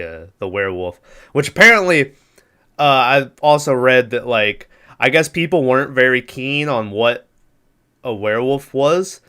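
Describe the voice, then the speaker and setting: A man's voice: lowish voice, sharp tone, smooth. A man co-hosting a casual movie podcast, recapping scenes in a laid-back, profane way and laughing often. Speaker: podcast co-host.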